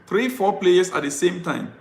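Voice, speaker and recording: Male fan vlogger, high-pitched, ranting live and pleading over and over, recorded in an echoey room. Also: expressive, moderate pace. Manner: exasperated, repetitive pleading. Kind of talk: live-stream rant.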